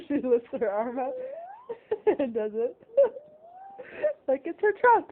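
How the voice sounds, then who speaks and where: A woman's voice: high voice, big pitch swings, slow pace, phone-quality sound. A mother coaxing her toddler in a sing-song home video voice.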